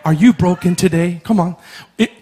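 A man preaching a sermon as pastor, emphatic, rising to shouts and acting out little dialogues. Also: high voice, normal speed, slightly rough.

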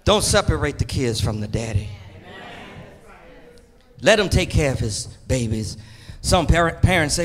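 A man's voice: mid-range voice, lively intonation, measured pace, long pauses. A middle-aged man preaching a sermon in an emphatic, folksy way, repeating his key phrases.

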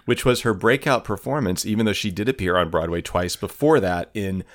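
A man's voice: fairly low pitch, brisk. A man co-hosting a podcast, reading background facts aloud in a casual way and stumbling on some words. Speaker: podcast co-host. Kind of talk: casual chat reading show notes.

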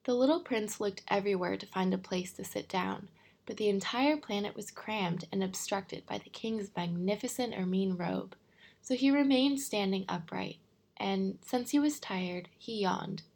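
A woman narrating a children's storybook chapter in a measured, storytelling manner. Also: mid-range voice, gravelly, darkish tone. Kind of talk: audiobook reading.

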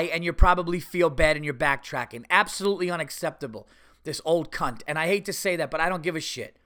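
Bright-voiced man ranting profanely. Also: a little high, fast. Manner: profane, heated, mimics others' voices. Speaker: podcast host. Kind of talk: ranting monologue.

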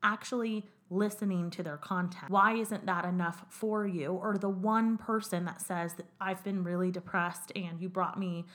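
A woman's voice: fairly low pitch, fairly even intonation, moderate pace, hardly any pauses, fairly bright tone. A young woman co-hosting a podcast, chatting candidly and swearing as she retells conversations. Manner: candid, swearing, quotes others in run-on retellings. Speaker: podcast co-host. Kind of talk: casual podcast chat.

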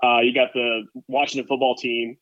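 A man's voice: medium pitch, little pitch movement, normal speed, no room sound. Podcast guy rambling about football, kinda dull lo-fi sound. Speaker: podcast co-host. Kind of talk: casual sports chat.

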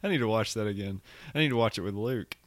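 A man's voice: lowish voice, no room sound. A young man hosting a podcast in casual chat, playful and teasing. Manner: playful, teasing, quick to laugh. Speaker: podcast host.

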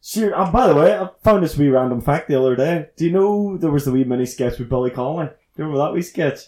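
A man's voice: a little high, quick pace. Chatty man in an echoey room. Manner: animated storytelling, swears freely. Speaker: podcast co-host. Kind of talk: casual chat.

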